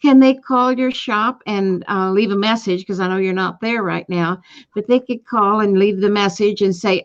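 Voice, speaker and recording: A woman's voice: medium pitch, moderate pace. A woman hosting a casual online talk show, asking her guest questions in a friendly way and reading out viewer comments. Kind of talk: casual chat show interview. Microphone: webcam on a video call. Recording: dull lo-fi call audio.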